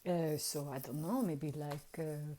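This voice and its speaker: A woman doing a calm, earnest male spiritual reader. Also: low voice, voice pushed down. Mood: earnest, gentle. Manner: slow, careful, halting phrasing.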